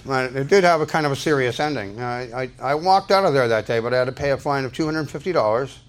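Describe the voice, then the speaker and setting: A man's voice: medium pitch, moderate pace, long pauses, slight background noise. An older man telling a personal story to an audience, rambling casually with many restarts and fillers. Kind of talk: casual spoken anecdote.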